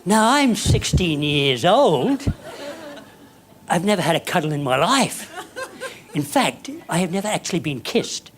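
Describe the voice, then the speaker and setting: An older man, telling a story to an audience in an animated, hammy way that climbs up to shouting. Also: on the high side, unhurried.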